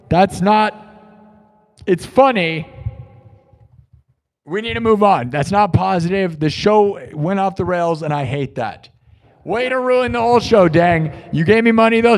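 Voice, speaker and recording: A young man hosting a live music stream, ranting and mocking his chat, swinging between shouting and muttering. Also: high voice.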